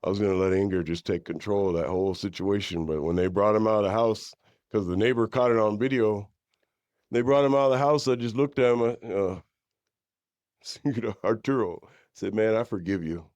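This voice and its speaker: Man, middle-aged, from the East Bay, candid storytelling, mellow low voice, dry studio sound. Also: moderate pace, dry recording. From East Bay, California. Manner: candid storyteller, drops into higher-pitched impressions of others. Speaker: podcast guest, author. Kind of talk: conversational interview. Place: podcast studio.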